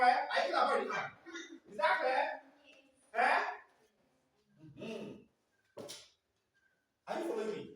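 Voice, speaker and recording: A man teaching a class speaks in a very high, expressive, slightly bright voice, keeping a measured pace and pausing often. Again and again he has his pupils complete his sentences in call-and-response fashion. The recording is distant and echoey, with slight hiss or hum.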